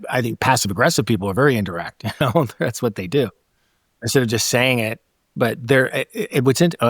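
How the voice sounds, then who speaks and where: A man talks casually in a podcast conversation, animated and quick to act out snippets of dialogue. His voice sits at an average pitch for a man. The recording is dry and close, with no room sound. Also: no room sound. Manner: animated, acts out quoted dialogue with laughs.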